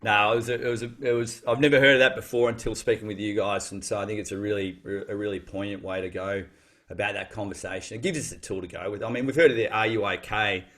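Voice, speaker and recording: Man, lowish voice, podcast guest, reflective, restarts often. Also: fairly even intonation, fast talker, fairly bright tone. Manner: thoughtful, reflective, many restarts. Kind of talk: casual podcast chat.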